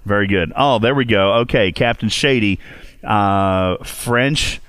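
A man's voice: fairly low pitch, a little slow, a bit bright, clear, resonant tone, dry recording. A man hosting a casual podcast for a video game, joking and teasing, laughing often. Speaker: podcast host.

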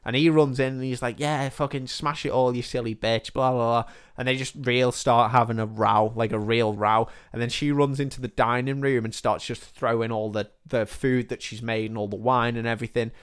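A man co-hosting a casual podcast, walking through a film scene by scene. He talks loosely and sweary, slipping briefly into the characters' lines, at an ordinary middle pitch. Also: fairly even intonation, a little fast, hardly any pauses, clear, resonant tone. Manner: rambling, sweary, quotes characters in passing. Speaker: podcast co-host. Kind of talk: casual chat retelling a film.

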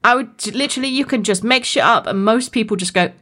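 A woman's voice: a little high, fast, pushed and bright. A woman from England with a Somerset accent, co-hosting a podcast in casual chat and laughing often. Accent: Somerset English. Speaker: podcast co-host.

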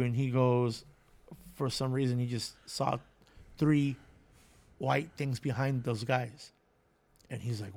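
A man's voice: medium pitch, fairly even intonation, moderate pace. A man co-hosting a casual chat, animatedly retelling a story and acting out the voices in it. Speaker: podcast co-host.

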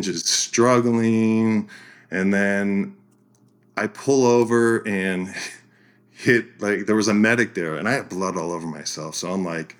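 A man telling a story as a podcast guest, animated and laughing through his lines. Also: on the low side. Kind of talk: casual storytelling.

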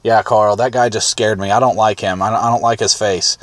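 A man voicing two skittish birds talking quickly and nervously to each other in a dry, close recording. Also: on the low side, fairly even intonation, no room sound, voice pushed down, lightly acted. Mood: spooked, chatty.

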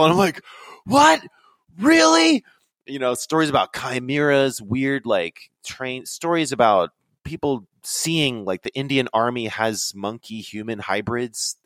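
Young male podcast guest, rambling excitable storyteller, mid-range voice, dry close recording. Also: dry recording. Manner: rambling, excitable, voice jumps high when quoting himself. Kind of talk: casual storytelling chat.

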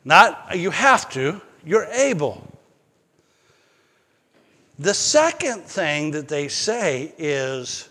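Slow-preaching pastor in a reverberant hall. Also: male voice, high-pitched, sing-song, pushed and bright, breathy edge. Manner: conversational preaching with personal stories and rising emphatic peaks. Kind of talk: sermon.

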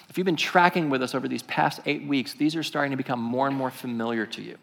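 Pastor preaching in a reverberant hall. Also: male voice, mid-range voice, quick pace, gravelly, few pauses. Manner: storytelling, animated and conversational. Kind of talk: sermon.

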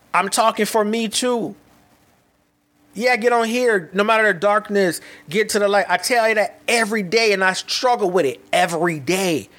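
A man in his thirties hosts a solo podcast, speaking frankly about his own struggles. His voice sits a little higher than most men's. He talks in loose, slangy sentences that often stop and restart. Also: a bit bright. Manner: candid, reflective, with frequent restarts and casual slang. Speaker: podcast host. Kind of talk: solo motivational podcast monologue.

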